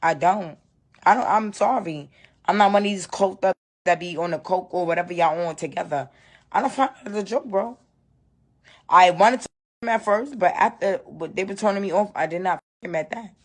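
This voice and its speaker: A woman tells what happened to her on a live video, upset and insistent, and she keeps repeating her points. Her voice sits somewhat low for a woman. She speaks in a casual, emphatic way. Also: moderate pace. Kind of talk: recounting an ordeal on a live video.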